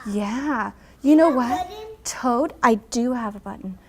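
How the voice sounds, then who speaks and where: A woman teacher reading a picture book aloud to her class, acting out the characters' lines with animated emphasis and pausing to explain. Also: on the high side, breathy edge. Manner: animated storyteller, acting out character lines with big loud pushes.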